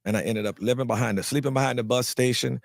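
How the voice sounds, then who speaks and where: A man from North Carolina tells his story at a rapid clip, acting out the voices of people he met. He often stumbles and repeats words as he restarts a thought. His voice is close and dry, with no room sound around it. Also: mid-range voice, creaky, dry recording. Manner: animated storyteller who acts out quoted people. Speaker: actor guest. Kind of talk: storytelling in a live interview.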